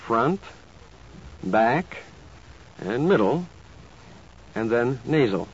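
Slow, deliberate male language teacher on tape. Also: medium pitch, very animated. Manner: slow, deliberate, carefully enunciated. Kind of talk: scripted instructional narration. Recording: dull lo-fi tape with faint hiss.

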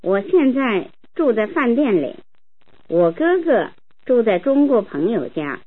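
Lively, breathy woman reading drills. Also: a little high, a little slow. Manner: clear, careful reading. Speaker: language tape speaker. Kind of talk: model sentences for learners. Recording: tinny narrow-band tape recording.

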